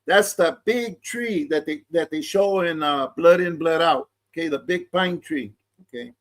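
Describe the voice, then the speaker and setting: A man's voice: a little high, unhurried. A middle-aged man hosting his channel, talking casually and often checking in with "okay?". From East Los Angeles. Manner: conversational, peppered with "okay?" and Chicano slang. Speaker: channel host. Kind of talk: casual commentary monologue.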